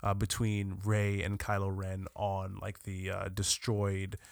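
Low-voiced man in casual film talk. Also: slow pace, vocal fry, clean tone, no echo, clean studio sound. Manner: animated, swearing, restarts often. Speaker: podcast co-host.

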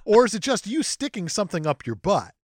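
Man, jokey podcast co-host, says "like" often, higher voice, very lively delivery. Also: fairly quick, dry recording, studio quality. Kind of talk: casual chat about a film.

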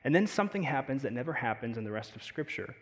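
A man with an American accent preaching a sermon, talking in a conversational, animated way with frequent fillers and asides. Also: medium pitch, quick pace, long reverb tail. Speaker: pastor.

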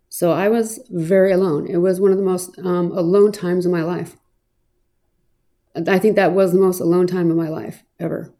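Low, mellow-voiced woman telling her story. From Arizona, US. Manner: earnest, reflective, slightly halting with fillers. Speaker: storyteller recounting her own past. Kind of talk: personal testimony, reflective storytelling.

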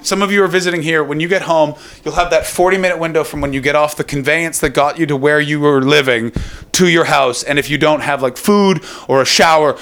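A young man performing stand-up comedy, ranting in a profane, animated way. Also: on the high side, fast, noisy background.

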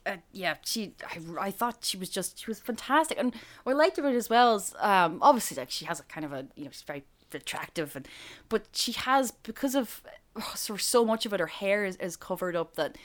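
A woman co-hosting a film podcast in casual chat, animated and quick to laugh, with lots of fillers. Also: medium pitch. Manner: animated, laughs a lot, heavy fillers and swearing. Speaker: podcast co-host.

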